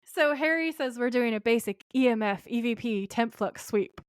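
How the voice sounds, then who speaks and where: Animated woman co-host recapping an episode. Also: fairly high pitch, normal speed, clean tone, no echo, clean studio sound. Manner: animated, quoting characters in voices. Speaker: podcast co-host. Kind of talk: casual recap chat.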